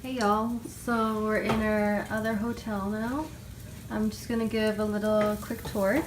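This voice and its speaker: A woman's voice: medium pitch, level tone, a little slow. A young woman narrating a casual weekend vlog on a handheld camera, chatty, with laughs and many fillers. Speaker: vlogger. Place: outdoors by a mountain lake, later a hotel room. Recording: loud outdoor background noise.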